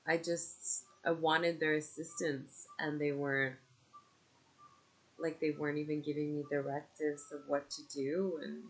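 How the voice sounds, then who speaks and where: A young adult woman, a mother, venting casually in a personal vlog, frustrated and rambling with fillers. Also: deep voice. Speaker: vlogger and mother.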